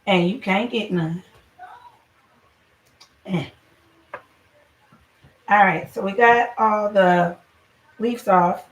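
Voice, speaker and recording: A woman's voice: medium pitch, very slow, pauses often. A woman hosting a casual home cooking livestream, chatting straight to her viewers with a salty, easygoing manner. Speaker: home cooking show host and mother. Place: home kitchen. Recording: echoey room, voice from a distance, faint noise.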